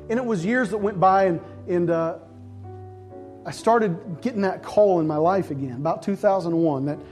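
A middle-aged male pastor telling a personal story in a sermon, acting out voices and sometimes shouting with excitement. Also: high voice. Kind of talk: sermon testimony.

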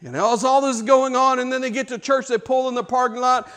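A man's voice: very high-pitched, quick pace, fairly bright tone. A man preaching a sermon, telling stories with restarts and rhetorical questions. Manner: storytelling with repeated words and rhetorical questions. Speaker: pastor.

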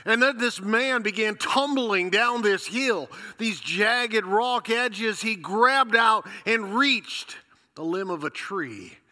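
A bright, fairly high-voiced man preaching in a church sanctuary, talking easily and posing questions to the room. He is getting over a cold, and his voice carries a long reverb from the hall. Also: animated, slow pace. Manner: conversational, storytelling with rhetorical questions. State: recovering from a cold. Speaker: pastor. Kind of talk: sermon.

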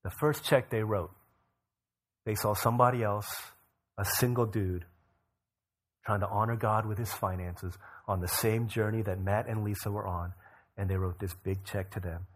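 A male pastor preaching, telling a story with rising bursts of energy and quiet low drops. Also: moderate pace, a little hiss or hum. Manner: energetic storyteller who rises in pitch and volume for emphasis, then drops low. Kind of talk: sermon storytelling.

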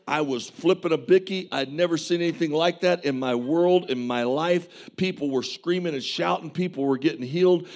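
Impassioned preacher, a man with higher pitch. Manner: vivid testimony storytelling with earnest, impassioned preaching. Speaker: pastor. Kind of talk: sermon.

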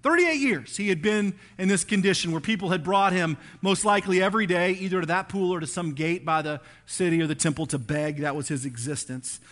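Man, pastor, sermon in church, conversational, emphatic, fairly high voice. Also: a little fast, hardly any pauses, fairly bright tone. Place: church before a congregation.

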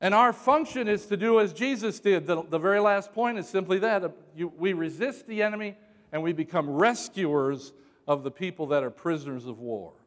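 Man, pastor, sermon, high voice, long church reverb, sudden shouted emphasis. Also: normal speed. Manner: shouts for emphasis, jokes with congregation.

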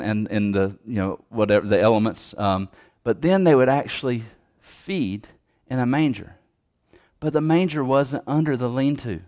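A man preaching a sermon in a conversational way, speaking to the congregation with restarts and asides. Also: medium pitch.

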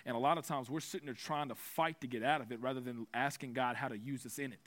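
A man's voice: mid-range voice, steady tone, quick pace, fairly bright tone. A young man preaching a sermon, telling a personal story with self-mocking humor before turning to scripture.

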